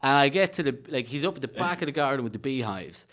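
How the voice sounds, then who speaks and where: A young Irish man, a comedian, telling childhood stories in a casual podcast chat, swearing freely and animated. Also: medium pitch, fast. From Ireland. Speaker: comedian guest.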